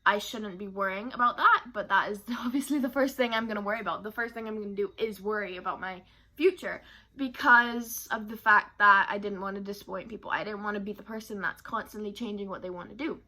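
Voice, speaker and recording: Bright-voiced young woman vlogging. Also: medium pitch, a little fast. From Barbados. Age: young adult. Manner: candid, emotional and rambling. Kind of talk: personal talk to camera.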